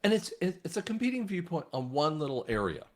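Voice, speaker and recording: A man talking casually to his viewers in a rambling monologue, often restarting his sentences. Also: fast. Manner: rambling, frequent restarts, animated swings in pitch. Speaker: online commentator.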